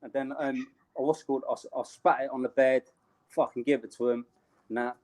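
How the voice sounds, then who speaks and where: A man's voice: medium pitch, steady tone, brisk, darkish tone. A young British man telling a street story in casual, slangy talk, laughing along the way. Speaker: interview guest.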